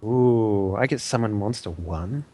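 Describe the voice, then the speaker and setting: A man's voice: lowish voice, unhurried, a little mellow. A man playing in an online tabletop game, talking casually with many fillers and restarts. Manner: rambling, hesitant, lots of fillers. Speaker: player.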